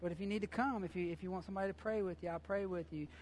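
A high-pitched male pastor delivering a fervent, down-to-earth sermon. He talks to the congregation like a friend, circling back on phrases and dropping casual grammar. A faint hiss sits under his voice. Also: steady tone, very fast, a little mellow. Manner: impassioned, conversational preaching with repeated phrases; colloquial, informal grammar.

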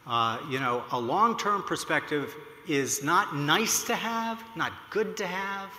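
A male keynote speaker at a podium, telling stories in an animated, widely swinging voice with a bright edge. He fills pauses with "uh" as he goes. The sound bounces around a large hall with a long reverb. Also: a little high. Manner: animated, with frequent uh fillers. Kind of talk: storytelling conference talk.

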